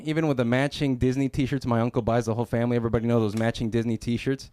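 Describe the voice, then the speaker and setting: A man's voice: mid-range voice, fast talker, few pauses, a little mellow, no echo. A male comedian delivering a stand-up set, punchy and self-deprecating, acting out little characters. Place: small comedy club stage.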